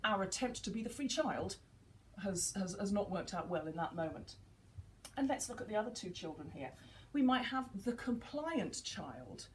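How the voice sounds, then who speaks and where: Animated woman teaching casually. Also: medium pitch, brisk, a little hiss or hum, low-quality recording. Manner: animated, acts out dialogue in quotes.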